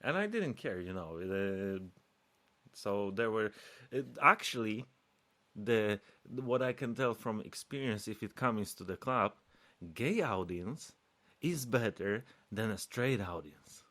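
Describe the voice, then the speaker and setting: Podcast co-host, male, low voice, non-native English, lively storyteller who plays out the voices in his anecdotes. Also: takes it slowly. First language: not English. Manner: animated, acts out quoted dialogue in raised voices; searches for English words. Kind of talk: casual storytelling chat.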